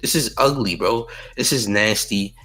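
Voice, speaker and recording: A man's voice: on the low side, a little slow, fairly bright tone, soft background music, rough recording. A man giving opinionated celebrity news commentary, blunt and emphatic, often repeating slang tags at the end of his points.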